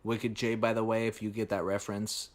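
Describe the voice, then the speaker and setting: A man's voice: fairly low pitch, flat delivery, a little fast. A man co-hosting a podcast, laughing and talking crudely while reacting to clips. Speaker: podcast co-host. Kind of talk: casual chat reacting to clips.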